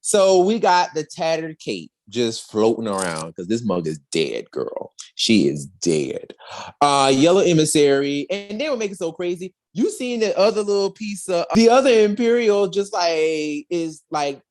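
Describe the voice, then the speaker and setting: Give me an animated man casually recapping a comic with slang and laughs. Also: sits high, normal speed, hardly any pauses. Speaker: podcast host.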